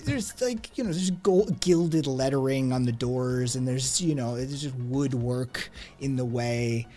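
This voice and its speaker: A man narrating a tabletop game as game master, describing scenes in an unhurried, descriptive way with fillers. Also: medium pitch, warm tone, faint music behind.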